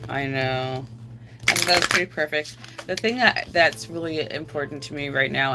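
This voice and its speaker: A woman's voice: deep voice, noisy background. A woman live streaming, chatting casually and rambling to her viewers while answering their comments aloud.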